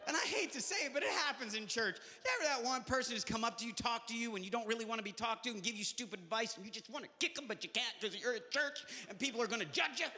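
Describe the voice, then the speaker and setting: High-pitched guy doing stand-up, chatty and punchy, bright voice, faint room noise. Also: quick pace, few pauses, long reverb tail. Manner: punchy, chatty crowd work. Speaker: comedian. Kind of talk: stand-up comedy set.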